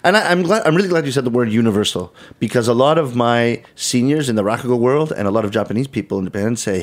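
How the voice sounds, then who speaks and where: A man's voice: mid-range voice, animated, quick pace, hardly any pauses. A middle-aged man, a guest storyteller on a podcast, explaining things thoughtfully and often restarting his sentences. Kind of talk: conversational podcast interview.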